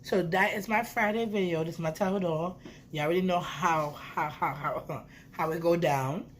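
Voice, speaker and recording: Animated young woman telling a story. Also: fairly low pitch, normal speed, a little hiss or hum. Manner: animated, swearing, playful. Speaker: vlogger. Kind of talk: casual storytime.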